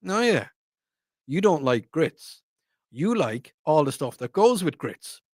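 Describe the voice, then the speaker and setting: Animated Irish male radio host, lifted pitch, dry close studio mic, teasing and direct. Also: slow, no room sound. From Ireland. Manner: animated, teasing, talks straight to listeners. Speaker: radio talk show host. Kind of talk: casual call-in radio talk. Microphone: studio microphone.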